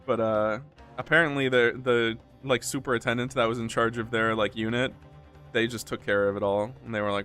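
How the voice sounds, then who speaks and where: A man's voice: medium pitch, fairly even intonation, fairly quick, a bit bright, soft background music. A young man streaming a game, chatting casually and telling a rambling story with frequent laughter. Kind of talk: casual let's-play chat.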